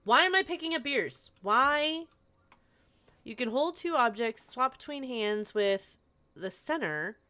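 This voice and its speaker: Chatty woman streamer with a lively voice. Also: on the high side, slow pace. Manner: chatty, rambling, playful asides. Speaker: live streamer. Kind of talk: casual chat while playing a game on stream.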